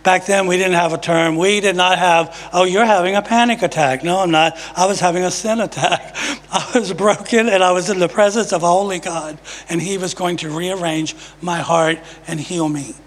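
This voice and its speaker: Male preacher, high voice, emphatic testimony, hushed drops, church reverb. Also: steady tone, normal speed. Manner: emphatic, swings from loud to hushed. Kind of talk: sermon testimony. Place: church sanctuary. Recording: long reverb of a church hall.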